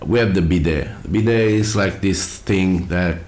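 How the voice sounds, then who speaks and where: A man's voice: deep voice, normal speed, darkish tone, a little hiss or hum. An Italian-accented man hosting a reaction video, speaking casually and asking incredulous questions. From Italy.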